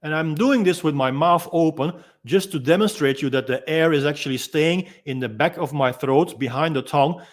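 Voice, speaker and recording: A slightly high-voiced man, first language Dutch, walks through a freediving technique as an instructor. His manner is calm and unhurried, with regular pauses and quiet ums between each point.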